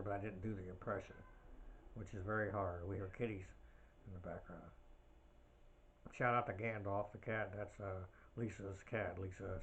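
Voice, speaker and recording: A man's voice: on the low side, a little hiss or hum. A man hosting his own podcast in a casual, rambling way, full of fillers and side tangents. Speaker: podcast host. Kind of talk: casual solo podcast chat.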